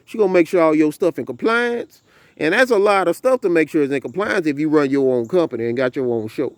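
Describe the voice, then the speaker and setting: A man's voice: on the high side, fast talker, no echo. A man in his thirties with a Southern US accent, talking casually and animatedly to camera about his farm outdoors. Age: 30s. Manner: animated, preachy storytelling. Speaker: farm vlogger.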